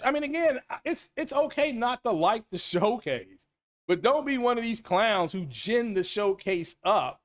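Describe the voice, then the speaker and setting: A man with a fairly high voice talks loosely and animatedly, circling back over his points and repeating lines for emphasis. He sounds middle-aged and speaks as the host of his own casual gaming stream, reacting to chat as he goes. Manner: animated, rambling, repeats himself, reads chat names aloud. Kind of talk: casual solo stream commentary.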